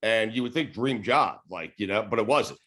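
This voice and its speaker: A man in his forties with a New York accent, telling stories in a casual interview, rambling and relaxed, swearing and laughing as he goes. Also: fairly low pitch, normal speed. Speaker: sports radio host, podcast guest.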